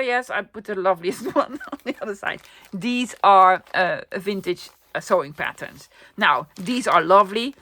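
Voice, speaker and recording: A middle-aged woman, chatting excitedly to camera about her thrift finds and often dropping to a whisper. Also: mid-range voice, moderate pace. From Netherlands. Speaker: vlogger showing a thrift haul. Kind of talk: casual chat to camera.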